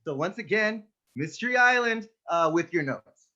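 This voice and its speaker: A man's voice: sits high, animated, normal speed, pushed and bright. A man in an improv comedy scene playing an earnest young male actor who sends in a laid-back audition tape. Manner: laid-back, then overwrought monologue delivery. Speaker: improv performer. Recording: dull lo-fi webcam audio.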